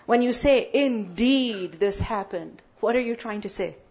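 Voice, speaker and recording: A woman's voice: a little high, lively intonation, measured pace, darkish tone, highs cut off. A woman teaching a Quran lesson. She poses questions and answers them herself, and she builds emphasis through repetition.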